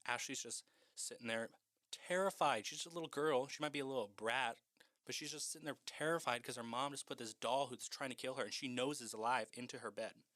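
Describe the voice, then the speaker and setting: A man's voice: mid-range voice, a bit bright, dry recording, clean studio sound. A man casually recapping a horror film in a chatty, profane way, with lots of "like".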